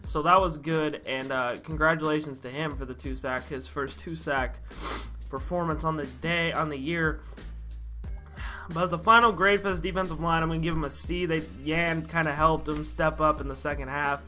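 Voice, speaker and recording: A man's voice: fairly high pitch, steady tone, moderate pace, bright, forceful tone, soft background music. A young man hosting a football recap, ranting in frustration with lots of swearing and rhetorical questions. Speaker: sports podcast host.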